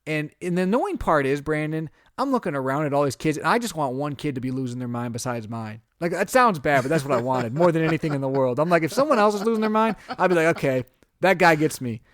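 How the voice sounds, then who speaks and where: A man's voice: a little high, expressive, quick pace, dry recording, clean studio sound. A man co-hosting a podcast, telling a long story in casual chat and acting out his own reactions. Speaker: podcast co-host.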